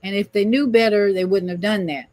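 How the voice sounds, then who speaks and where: A woman's voice: medium pitch, fairly even intonation, brisk, a little mellow. A woman hosting a spiritual livestream talk show, speaking in an emphatic, preachy way and often repeating words. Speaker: livestream host.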